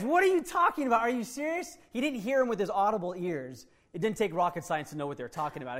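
High-voiced, animated male pastor preaching. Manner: conversational, animated, self-deprecating asides. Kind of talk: sermon.

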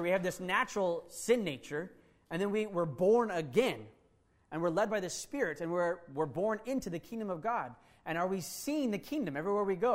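A male pastor with a fairly high voice, preaching a sermon. He talks conversationally, keeps things lively, and drops in self-deprecating asides.

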